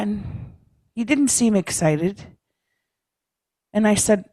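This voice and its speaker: Woman, gravelly voice, relaxed storyteller at a leaders' meeting, tags lines with "eh?", clears throat often. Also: mid-range voice, a little slow, no room sound. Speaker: speaker at a First Nations leaders' caucus. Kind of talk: personal talk to a meeting. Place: meeting room.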